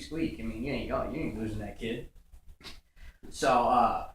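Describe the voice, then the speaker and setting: On a comedy stage, a young man of medium pitch and slightly bright tone runs through a stand-up routine of meandering stories, full of restarts and filler words. It's captured from far off in a rough, echoey club recording with a little hiss or hum.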